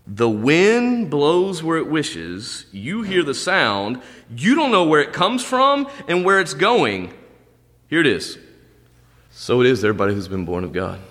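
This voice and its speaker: A man's voice: mid-range voice, a bit bright, big-room sound. A male pastor preaching a sermon, quoting scripture with dramatic swings in delivery. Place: church sanctuary.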